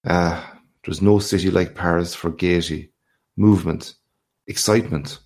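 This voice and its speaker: A man reading aloud and voicing a boastful, hearty male journalist home from abroad, low and gravelly, with a swaggering, lively manner. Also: unhurried, full character voice. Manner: boisterous, swaggering, lively questions.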